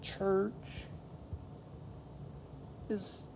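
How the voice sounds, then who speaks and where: A woman's voice: extremely slow, noisy background. A woman vlogger talking casually to her camera, wandering from thought to thought with lots of "like" and "you know". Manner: meandering, full of "like" and "you know", laid-back. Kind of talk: rambling casual monologue to camera.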